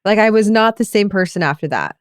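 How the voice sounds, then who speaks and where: A woman's voice: mid-range voice, lively intonation, brisk, clean tone, dry recording, clean studio sound. A woman co-hosting a podcast as a meditation coach, telling a personal story in a reflective, casual way.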